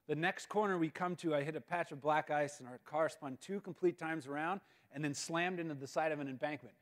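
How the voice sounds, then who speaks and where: Guy telling a funny story at a school assembly, high-ish voice, lots of repeated words. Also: brisk. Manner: animated, self-mocking, repeats words. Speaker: guest speaker. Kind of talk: humorous storytelling talk. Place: school auditorium. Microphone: live-stream mic.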